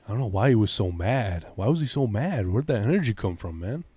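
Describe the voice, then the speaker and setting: A man co-hosting a comedy podcast who talks in a hesitant, halting way with many fillers. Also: fairly low pitch, expressive, warm tone, breathy edge, dry recording. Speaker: podcast co-host. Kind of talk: casual chat.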